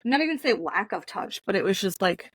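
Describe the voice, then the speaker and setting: A woman esthetician talking as a guest on a podcast, relaxed and casual with lots of filler words. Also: medium pitch, fairly quick, husky, no room sound. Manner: relaxed, talks with many likes and fillers. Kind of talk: casual chat.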